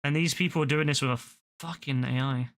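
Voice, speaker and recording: A young man rambles through casual stream commentary, tripping over his words and restarting his sentences as he goes. His voice sits mid-range with a crisp, forward brightness. He swears freely and loosely. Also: mid-range voice, fairly even intonation, a little fast.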